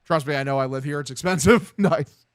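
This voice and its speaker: A man's voice: on the high side, a little fast, dry recording, clean studio sound. A young man streaming casual play-by-play of a baseball game, chatting and reading viewer comments with a casual, profane manner. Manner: casual, profane, reads chat aloud.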